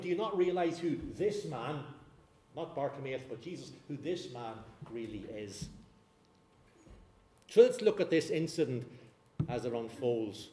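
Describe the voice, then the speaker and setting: A man preaching a sermon, telling a scripture story in an animated way. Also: on the high side, roomy sound.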